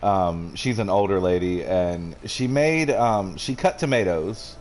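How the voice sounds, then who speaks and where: Rambling man, slightly low. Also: a little slow, a little mellow, slight background noise. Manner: rambling, swears freely. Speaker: streamer. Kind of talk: casual chat while gaming.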